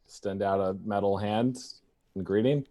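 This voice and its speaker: A man playing a tabletop game in a playful, animated way. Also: on the low side, moderate pace. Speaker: player.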